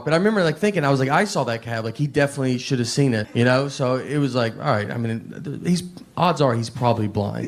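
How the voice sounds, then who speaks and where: A man from Tennessee with a Southern accent, doing a slow, deadpan stand-up routine. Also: medium pitch, very noisy. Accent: Southern American. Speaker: stand-up comedian. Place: comedy club stage with laughing audience.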